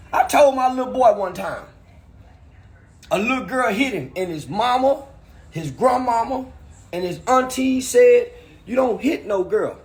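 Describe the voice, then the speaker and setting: A man on a phone livestream delivering a loud, crude, animated comedic rant, laughing often. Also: extremely high pitch, unhurried, long pauses. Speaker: livestream commentator.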